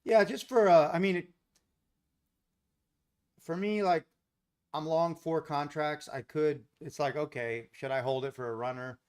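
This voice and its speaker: A man's voice: a little high, measured pace, pauses often, a little mellow, clean tone. An American man hosting a live trading stream, talking casually and rambling with lots of fillers while he chats with viewers. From United States. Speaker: livestream trading host.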